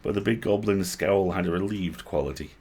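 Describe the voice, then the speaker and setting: A man reading a novel aloud on a livestream, expressive, breaking off to comment on lines he likes. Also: low-pitched, fairly quick, breathy edge. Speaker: host reading a book aloud.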